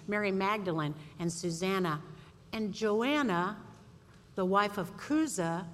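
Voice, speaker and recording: A woman giving a storytelling sermon to a women's audience, animated and acting out voices. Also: medium pitch. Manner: lively storyteller, acts out voices. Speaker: speaker at a women's event. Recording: echoey hall, faint room noise.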